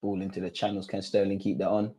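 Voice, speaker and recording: A man's voice: low voice, flat delivery, quick pace, dark tone. A young man hosting a live football watch-along, reacting as a partisan fan and talking straight to his viewers in street slang. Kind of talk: live fan commentary on a match.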